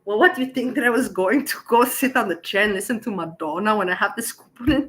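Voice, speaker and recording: A woman casually telling a personal story to her viewers, animated and laughing as she acts out the dialogue. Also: medium pitch, brisk, few pauses, low-quality recording.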